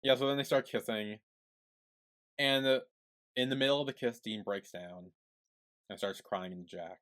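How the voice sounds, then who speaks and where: A young man co-hosting a podcast in casual chat, retelling plot and quoting the characters in a low, soft voice. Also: moderate pace. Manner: relaxed storyteller, quotes the characters in a low soft voice. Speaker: podcast co-host.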